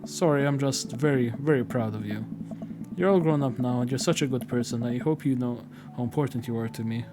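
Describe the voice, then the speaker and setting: A man voicing a warm, doting middle-aged single dad while reading game dialogue aloud, softly and sentimentally. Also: medium pitch, fairly quick, music in the background, voice pushed down, lightly acted. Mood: tender. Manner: soft, sentimental, fatherly.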